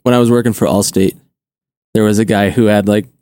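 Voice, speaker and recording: A man's voice: lowish voice, fairly even intonation, a little fast, darkish tone, clear, resonant tone, dry recording. A man on a podcast, laid-back in casual banter and tossing in dry quips.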